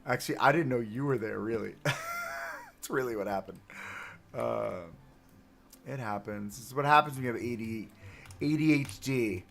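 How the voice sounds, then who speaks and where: Chatty self-mocking male streamer, gravelly. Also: mid-range voice, moderate pace, fairly bright tone, slight background noise. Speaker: livestreamer. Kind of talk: casual game livestream commentary.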